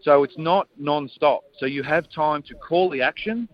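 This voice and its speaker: A man's voice: on the high side, moderate pace, lo-fi sound. A man speaking as a guest commentator in a casual radio interview, earnest and enthusiastic.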